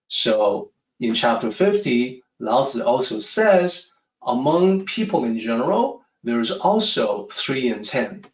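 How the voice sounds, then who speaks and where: Guy teaching philosophy off a slide, calm and explaining, a bit far from the mic, kinda dull sound. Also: mid-range voice. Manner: measured, explanatory, stresses key words. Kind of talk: lecture explaining a text with a slide table. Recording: roomy, distant, slightly dull sound.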